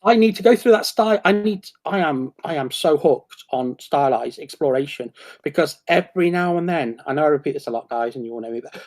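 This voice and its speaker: A man in casual chat, excitable and rambling, with many restarts and bursts of acted-out quotes. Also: a little high, brisk.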